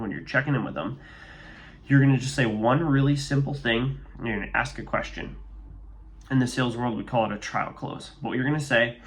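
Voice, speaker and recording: A man's voice: medium pitch, a bit bright, a little hiss or hum. A man who runs a landscaping business, giving casual, upbeat advice in a walk-and-talk vlog and often checking in with "okay?".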